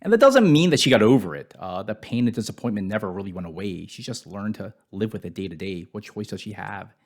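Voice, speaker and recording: A man's voice: on the low side, lively intonation, fast talker. Reflective man teaching on the Bible. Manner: reflective, drops to a hush on painful words.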